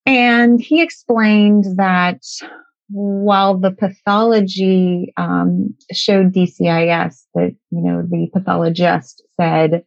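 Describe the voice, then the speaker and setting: A middle-aged woman with a low, gravelly voice tells a personal story in a loose, conversational way. She often restarts phrases and slips into the words other people said to her. The recording is dry and somewhat dull, with a lo-fi sound. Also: level tone, slow pace, dry recording. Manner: conversational, with frequent restarts and quoted dialogue. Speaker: guest sharing a personal story.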